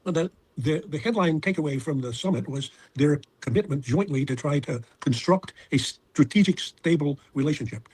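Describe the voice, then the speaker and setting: A man, a professor, answering interview questions with measured, analytical explanations. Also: on the high side, lively intonation, darkish tone, slightly rough. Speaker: professor and foreign-policy expert.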